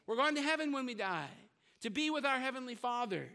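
A man's voice: very high voice, lively intonation, brisk, creaky, bright, forceful tone, big-room sound. An older man preaching a sermon as pastor, talking in a conversational way with joking asides and often repeating words as he searches for them.

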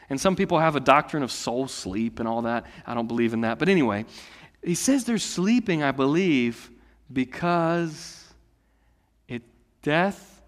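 A man in his late thirties, a pastor preaching a sermon in a conversational way that swings between loud declarations and hushed asides. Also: medium pitch. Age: late 30s. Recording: long hall reverb.

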